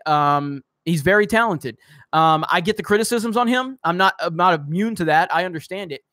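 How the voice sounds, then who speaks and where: Live-stream host, man, higher-pitched voice, dry close mic, heated ranting delivery. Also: a bit bright, no echo. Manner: heated, ranting, swears at trolls. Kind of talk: live-stream commentary reading chat.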